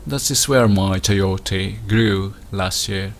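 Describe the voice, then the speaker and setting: Outdoors in his winter garden, a Filipino man leads a laid-back walking tour, taking his time and stumbling through plenty of fillers and restarts. His voice sits low.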